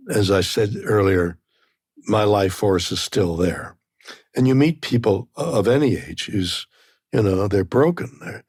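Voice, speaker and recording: Older male guest, 90s, slow and husky, halting restarts, dry close sound. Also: low-pitched, darkish tone, no room sound. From Canada. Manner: halting, repeats words while searching for phrasing. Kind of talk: casual interview talk.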